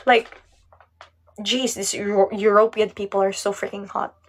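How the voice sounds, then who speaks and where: A woman's voice: medium pitch, flat delivery, moderate pace. A young Filipino woman chatting on a live stream, reading comments aloud, giggling and mixing Tagalog with English. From Philippines.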